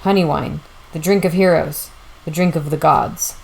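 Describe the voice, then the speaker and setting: A woman reading the lines of a sly, smooth-talking old male con man in an audiobook, confident and persuasive. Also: low-pitched, fairly even intonation, normal speed, poor audio.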